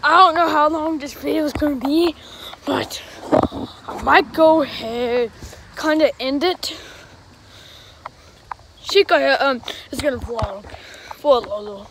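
A woman's voice: high-pitched, vocal fry, noisy background. Breathless playful woman voicing toys outdoors. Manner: playful, halting, with many fillers. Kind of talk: casual toy-play vlog. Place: outdoors on a hill.

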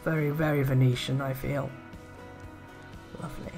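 A woman chatting casually in a craft haul video, gushing with soft admiring murmurs and little laughs. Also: a bass voice, level tone, normal speed, over music. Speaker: art and craft vlogger.

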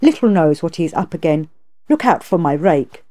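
A woman's voice: deep voice, very animated, moderate pace, dark tone. A woman reading aloud, voicing a gluttonous, boastful male pig monster who blusters and pleads. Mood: blustering.

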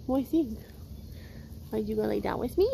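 A high-voiced woman coos at her dogs in a doting, unhurried way, her pitch swooping up and down. The recording is outdoors in a yard, with clear outdoor noise behind her. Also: lively intonation, warm tone, low-quality recording. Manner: cooing, doting. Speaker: dog owner.

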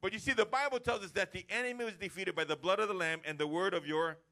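A man preaching a lively sermon to his church, acting out everyday chats as he goes. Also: high voice, quick pace. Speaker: pastor. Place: church service.

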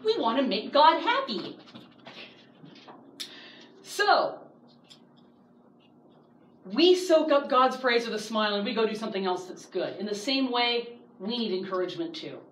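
A woman in her thirties teaching a Bible study class, lively and acting out the voices she quotes. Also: on the high side, unhurried, long pauses. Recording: echoey room, distant mic, faint hiss.

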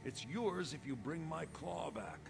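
Brisk male shopkeeper, lively swinging pitch, fantasy game, music underneath. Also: vocal fry, exaggerated voice. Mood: businesslike. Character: harried male village shopkeeper, defensive. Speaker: game character.

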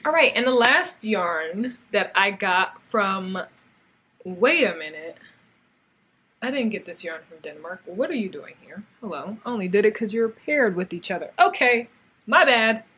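A young woman casually chatting in a crafts vlog, gushing and excitable as she shows off yarn and talks to it and her viewers. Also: medium pitch, unhurried, husky, muffled recording. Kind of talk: casual haul vlog chat.

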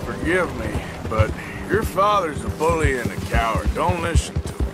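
A gruff, weary outlaw in his middle years, voiced by a man, speaking in a dry, sarcastic drawl that swings lively and a touch high. Loud game music plays under the voice. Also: normal speed, close to an everyday voice. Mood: teasing. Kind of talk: video game cutscene dialogue. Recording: loud game score behind the voice. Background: game music and horses.

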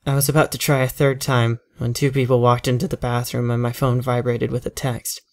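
A man narrating a horror story aloud, measured and tense as he tells it in first person. His voice sits at a middle pitch, steady and unhurried.

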